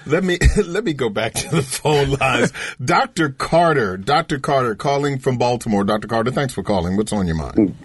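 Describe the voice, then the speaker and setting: A man hosting a radio call-in show, relaxed and laughing easily, with smooth announcer reads. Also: mid-range voice, normal speed, hardly any pauses, no echo, clean studio sound. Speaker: radio talk show host.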